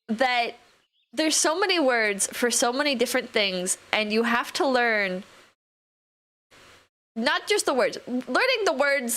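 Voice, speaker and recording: A woman's voice: a little high, a bit bright. A young adult woman streaming live, rambling casually, swearing now and then, and reading out chat messages.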